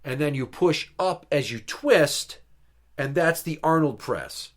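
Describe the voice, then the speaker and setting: Profane storytelling man, higher pitch. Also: animated, slow. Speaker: podcast co-host. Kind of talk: casual chat, storytelling.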